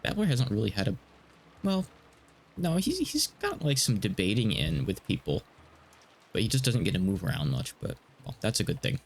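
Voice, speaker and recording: A man's voice: fairly low pitch, big pitch swings, a little fast, creaky. A man streaming a game, chatting in a casual, rambling way that slightly stutters. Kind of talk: casual let's-play commentary.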